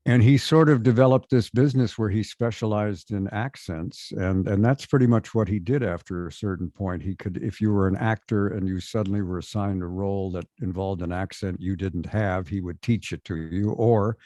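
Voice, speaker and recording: A man's voice: lowish voice, fairly even intonation, moderate pace, dark tone, no room sound, clean studio sound. An older man with a standard American accent, speaking as a voice actor guest in an interview, thoughtful and anecdotal. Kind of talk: interview conversation.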